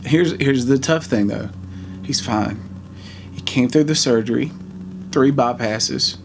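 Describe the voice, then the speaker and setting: A man in his forties telling a heartfelt personal story in a vlog, earnest and halting. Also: mid-range voice, noisy background. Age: 40s. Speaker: vlogger.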